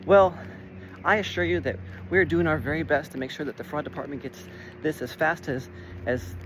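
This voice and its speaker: A man acts out a courteous but evasive male company gatekeeper. He answers every question with smooth, circular reassurances. The voice sits slightly high, with faint background noise. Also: moderate pace, natural voice. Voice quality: smooth, polite, circular talk.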